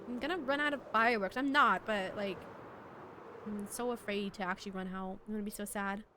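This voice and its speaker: A woman's voice: mid-range voice, steady tone, a little fast, noisy background. A young woman chatting casually with her viewers while playing a game on a livestream, giggly and talkative. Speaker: streamer. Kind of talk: casual gaming livestream chat. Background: game music.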